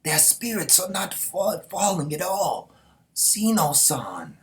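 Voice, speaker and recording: Dude doing a young warrior, urgent and strained, pitched way up. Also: male voice, big pitch swings, slow pace, exaggerated voice. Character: determined young male warrior, earnest.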